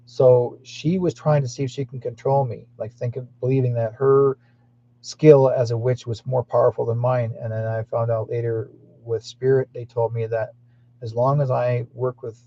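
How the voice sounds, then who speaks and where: A man's voice: medium pitch, warm tone, lo-fi sound. A man hosting a psychic talk show, telling stories in a rambling way with many restarts and reading viewer comments aloud.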